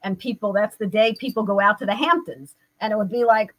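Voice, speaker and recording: A woman's voice: mid-range voice, a little fast, few pauses, a bit bright, rough recording. An older woman, a therapist and guest, telling her own story in an earnest, reflective way. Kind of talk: personal storytelling in an interview.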